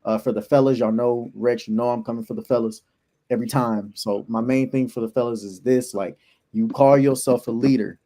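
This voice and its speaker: A man co-hosting a casual podcast, giving advice to men in a halting way, often restarting his sentences. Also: medium pitch, fairly even intonation, warm tone. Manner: halting, restarts, speaks to the fellas. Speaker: podcast co-host.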